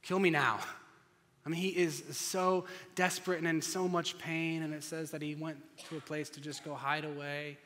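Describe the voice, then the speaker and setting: A male pastor preaching a sermon, telling the story dramatically and swinging between loud and hushed delivery. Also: fairly high pitch, flat delivery, moderate pace, hardly any pauses. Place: church sanctuary. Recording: long church reverb.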